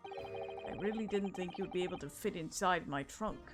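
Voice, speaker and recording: A woman's voice: lowish voice, normal speed, over loud music, close to an everyday voice. A woman voicing a confident, teasing young male student in a game read-through. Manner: teasing, breezy.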